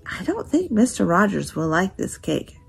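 A woman's voice: mid-range voice, sing-song, moderate pace, gravelly, husky, soft background music, heavily acted. A grandmother reading aloud, voicing a literal-minded, cheerful housekeeper with folksy, matter-of-fact speech. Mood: chipper.

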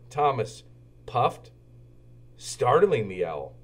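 A man reading a children's storybook aloud, with expressive, animated narration. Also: low voice, slow pace. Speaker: children's book reader.

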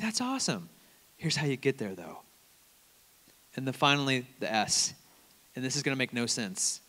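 Bright-voiced male preacher in a hall. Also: fairly high pitch. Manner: conversational preaching, acts out little dialogues. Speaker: campus minister preaching. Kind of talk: sermon. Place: church sanctuary.

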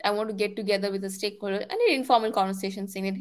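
A woman's voice: mid-range voice, racing, few pauses. Emphatic young woman giving career advice. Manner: energetic, emphatic, repeats key phrases. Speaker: product manager guest.

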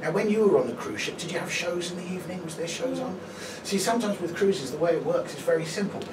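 Man doing stand-up, lively high voice, echoey room from far off. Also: quick pace. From Brighton, England. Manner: chatty, tags lines with 'right?'. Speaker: stand-up comedian. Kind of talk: stand-up comedy set. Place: comedy venue. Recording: echoey live venue, distant mic, audience noise.

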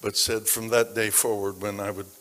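A male pastor preaches in a lowish, bright voice, drawing his congregation in with personal stories. He drops to a near whisper, then rises to forceful emphasis. The sound carries the long reverb of a large church hall. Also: flat delivery, moderate pace. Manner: dramatic shifts between hushed and loud. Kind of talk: sermon storytelling.

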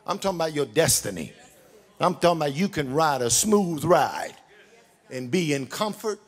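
High, animated shouting preacher. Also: male voice, moderate pace, breathy edge. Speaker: pastor. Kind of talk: sermon. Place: church sanctuary. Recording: reverberant church hall.

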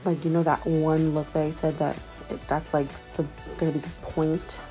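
A woman's voice: deep voice, little pitch movement, normal speed, warm tone, soft background music. A woman casually talking through her makeup steps as a beauty vlogger, rambling and correcting herself with lots of fillers. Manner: rambling, self-correcting, chatty with many fillers. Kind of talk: casual makeup tutorial voice-over.

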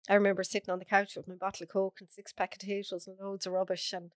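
A woman's voice: mid-range voice, level tone, rapid-fire, no room sound. An Irish woman, a podcast guest, earnestly recounting a personal story in close detail. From Ireland.

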